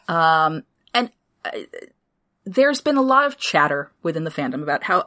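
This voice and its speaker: A woman talks through a TV episode with her co-host, her pitch swinging widely as she goes. She speaks casually, throws in swear words and jumps between quick asides. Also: sing-song, bright, forceful tone. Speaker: podcast co-host. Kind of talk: casual chat recapping a TV show.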